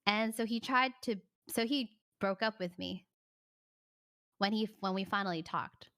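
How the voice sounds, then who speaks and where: A woman streamer casually telling a personal story, animated, swearing and full of "like" fillers. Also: mid-range voice, a little slow.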